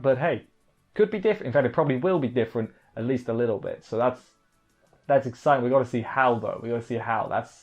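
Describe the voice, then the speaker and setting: A man's voice: mid-range voice, highs cut off. A man casually reviewing an anime episode, rambling off the cuff and correcting himself as he goes.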